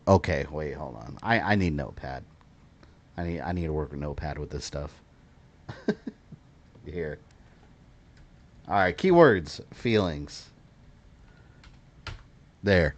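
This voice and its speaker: Deep-voiced American man streaming a game. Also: animated, a little slow, long pauses, no room sound, dull audio. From Florida, USA. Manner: chatty, rambling, wanders off on tangents. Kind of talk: live gameplay commentary.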